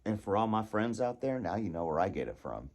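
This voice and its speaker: A man telling a casual personal story, animated and laughing, acting out his own panicked thoughts. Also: on the low side, a little fast.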